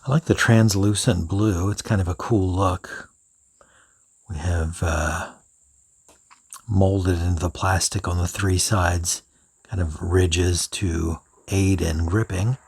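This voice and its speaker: Slow, low, husky-voiced man musing. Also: steady tone, dry recording, studio quality. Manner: musing, unhurried, thinking aloud. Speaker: pen reviewer. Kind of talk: unscripted product review.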